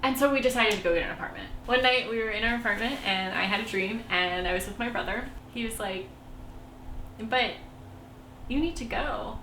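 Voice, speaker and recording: A woman's voice: medium pitch, fairly quick, pushed and bright. A young woman telling travel stories in casual chat, laughing often. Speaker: travel vlogger. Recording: echoey room, faint background noise.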